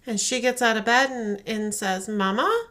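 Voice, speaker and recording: Podcast lady retelling a creepy short, bright voice, acts out all the parts. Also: on the high side, normal speed. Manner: animated storytelling, acts out voices. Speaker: podcast co-host. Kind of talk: casual chat, retelling a horror short.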